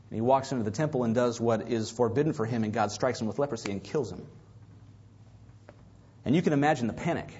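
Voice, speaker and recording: A man preaching a sermon, swinging dramatically from loud to hushed. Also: fairly high pitch, husky. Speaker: pastor. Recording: dull lo-fi recording.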